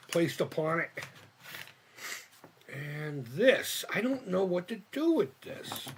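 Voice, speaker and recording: A man's voice: fairly high pitch, sing-song, takes it slowly, slight background noise. A man live-streaming as he builds a model kit, rambling and thinking aloud, swearing often and laughing at himself. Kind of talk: casual live-stream chat while crafting.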